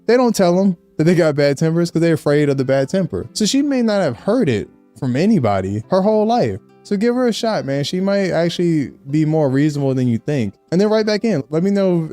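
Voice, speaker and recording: A man's voice: on the high side, very animated, fairly quick, warm tone, soft background music. A man hosting a relationship advice show, answering letters in a frank, joking way with blunt slang and frequent laughs.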